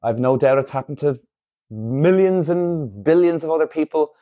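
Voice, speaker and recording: A man hosting a casual monologue, animated and acting out little scenes in voices. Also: fairly high pitch, moderate pace. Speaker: podcast host.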